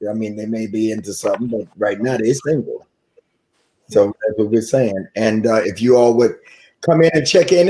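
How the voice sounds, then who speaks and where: A man's voice: mid-range voice, dark tone, breathy edge, rough recording. A man hosting a live relationship talk show in a casual, welcoming way. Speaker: host.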